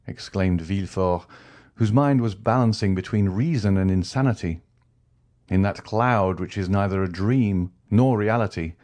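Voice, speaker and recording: A man reading a classic novel aloud as an audiobook narrator, with a steady, dramatic delivery. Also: low voice, a little slow. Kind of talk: scripted narration.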